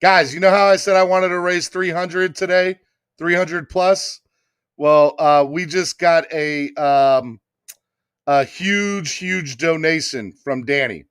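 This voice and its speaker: A man hosting a casual live sports podcast, excitable and emotional, talking with many fillers and restarts. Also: fairly high pitch, measured pace, few pauses, clean tone, dry recording, studio quality. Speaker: podcast host. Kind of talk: casual live-stream chat.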